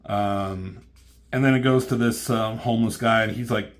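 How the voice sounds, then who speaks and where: A man's voice: fairly low pitch, fairly even intonation, moderate pace. A man casually recapping a comic book story, rambling and profane, with lots of ums and restarts.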